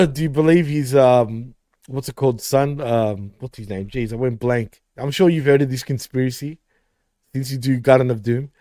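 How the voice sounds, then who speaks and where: A man's voice: medium pitch, normal speed, warm tone, dry recording, clean studio sound. A man hosting a casual podcast chat, laid-back, saying "dude" and reading viewer comments aloud. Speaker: host.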